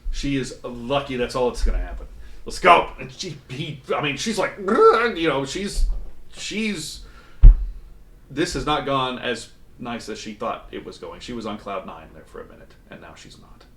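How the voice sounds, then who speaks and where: A man's voice: mid-range voice, expressive, normal speed, a bit bright, roomy sound, slight background noise. A man running a tabletop role-playing game in person, narrating with lots of restarts and fillers. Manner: rambling, with many restarts and fillers. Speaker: game master. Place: room shared with players.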